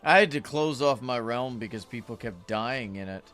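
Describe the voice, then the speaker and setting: A man's voice: mid-range voice, normal speed, a bit bright, soft background music. A man chatting casually with viewers while livestreaming a game, rambling and greeting chat. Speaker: streamer.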